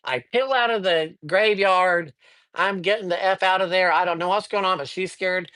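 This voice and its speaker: A man hosting a casual live stream, telling ghost stories with lively acted-out dialogue and giving tarot readings to viewers. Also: sits high, normal speed. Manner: lively storyteller who acts out dialogue. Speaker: live-stream host and psychic reader.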